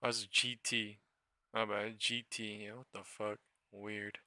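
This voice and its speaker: A man's voice: fairly low pitch, flat delivery, slow, bright, forceful tone, no room sound. A young man hosting a live trading stream, swearing freely and mocking viewers in chat. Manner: profane, mocking, reacts to chat. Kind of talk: casual livestream commentary.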